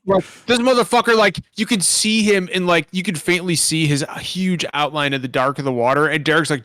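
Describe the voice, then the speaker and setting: A man co-hosting a casual gaming podcast, telling stories in an animated way and swearing freely. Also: a little high, brisk, hardly any pauses, no room sound. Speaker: podcast co-host.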